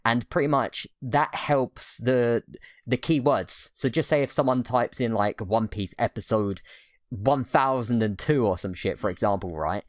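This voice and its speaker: A relaxed young man explains things on a podcast in easy, profanity-laced chat, his phrases sinking low as they trail off. His voice sits at a middling pitch and is recorded close and dry. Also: a little slow, no echo. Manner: laid-back, swears casually, trails off low at phrase ends. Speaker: podcast co-host.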